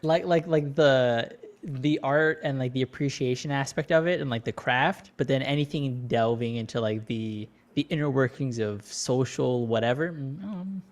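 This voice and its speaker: A man's voice: mid-range voice, normal speed. A man co-hosting a casual comics podcast, laid-back and rambling with many fillers. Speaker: podcast co-host. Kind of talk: casual chat.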